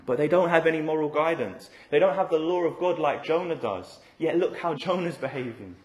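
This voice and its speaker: A man's voice: a little high, fairly quick, roomy sound. A man preaching an expository sermon in a conversational way, often tagging rhetorical questions onto his points.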